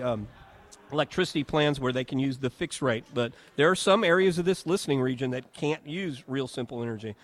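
A man hosting a live radio talk show from a home and garden show, chatting, joking and reading ads. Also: medium pitch.

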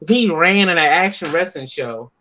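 A wrestler, appearing as a guest in a casual interview, tells behind-the-scenes wrestling stories at normal speed. His voice is bright, forceful, and a little high, and he's animated, slipping into other people's voices for quotes and swearing freely. The audio is dull and lo-fi.

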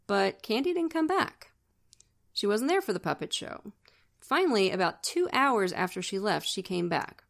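A woman's voice: mid-range voice, sing-song, moderate pace, gravelly. A woman co-hosting a true-crime podcast, telling the story in a casual, chatty way with wry asides. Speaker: podcast co-host.

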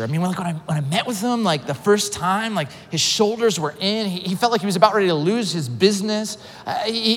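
Animated preaching man in a reverberant hall. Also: sits high. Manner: animated storytelling with quoted voices, self-deprecating asides. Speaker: pastor. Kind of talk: sermon. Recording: long reverb of a large hall.

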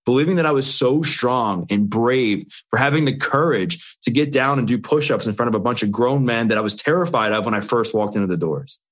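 A man's voice: medium pitch, a little fast, few pauses. A man in an interview, earnestly telling his own story in short, run-on phrases. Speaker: interview guest. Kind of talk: candid personal storytelling.

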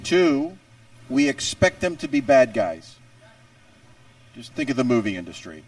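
A man's voice: medium pitch, sing-song, a little slow, dry recording, recorded from a distance. A man co-hosting a podcast, chatting in an opinionated, joking way. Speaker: podcast co-host. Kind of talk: casual podcast chat.

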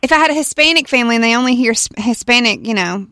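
A woman's voice: a little high, animated, rapid-fire, sharp tone, no echo, clean studio sound. A woman from the American South co-hosting a morning radio show in casual, chatty talk. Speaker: radio co-host.

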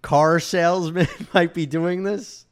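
A man's voice: fairly high pitch, fairly even intonation, slow pace, clean tone. A male host in a casual chat, asking probing questions in a conversational way.

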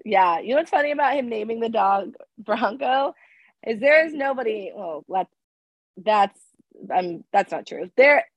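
A young woman co-hosting a podcast in casual chat, telling stories excitedly with a slightly hoarse voice that keeps cracking because she is sick. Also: fairly high pitch, unhurried, no echo, dull audio. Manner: excitable storyteller, gushing and animated. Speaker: podcast co-host.

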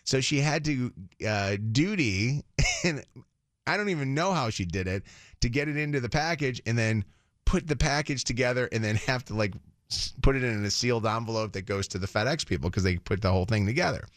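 A man's voice: medium pitch, animated, fairly quick, no echo, studio quality. A man from the Detroit area hosting a morning radio show, telling a story in a rambling, chatty way and laughing often. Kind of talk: casual morning radio chat.

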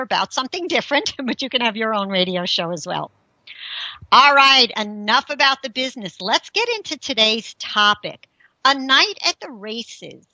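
A middle-aged woman hosts her own radio talk show in a chatty, casual way. Her pitch swings widely and her tone is bright and forceful. The recording is close and dry, with no room sound. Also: dry recording, highs cut off. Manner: chatty, animated, with incredulous rhetorical questions.

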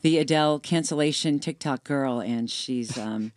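A woman's voice: a bass voice, moderate pace, a little mellow, no echo, studio quality. A woman hosting a radio show, interviewing a guest with playful teasing.

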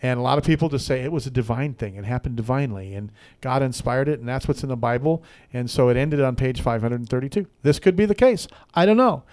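A man's voice: medium pitch, expressive, fast, hardly any pauses, a little mellow, clean tone. A man hosting a local radio talk show, telling a rambling joke with lots of fillers and asides. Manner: joking, rambling storyteller with many fillers. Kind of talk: casual radio chat. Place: radio studio.

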